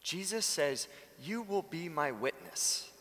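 Animated male pastor in a reverberant church. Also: on the high side, takes it slowly. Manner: animated, acts out quoted lines. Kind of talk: sermon. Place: church sanctuary. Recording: long reverb of a church hall.

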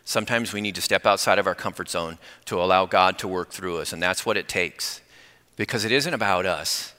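A man preaching a sermon, animated as he tells a personal story and acts out the dialogue. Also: deep voice, a little fast, in a large hall. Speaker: pastor.

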